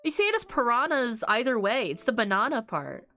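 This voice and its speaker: A woman's voice: a little high, big pitch swings, a little fast, pushed and bright, soft background music. A woman streamer in a casual, rambling chat, often breaking into laughter.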